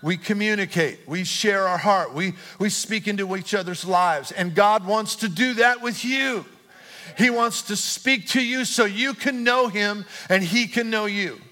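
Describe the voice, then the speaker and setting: A middle-aged pastor preaches unhurriedly in a church auditorium, his voice sitting high with a sharp tone. He chats through a personal story, then works up to repeated, increasingly emphatic calls.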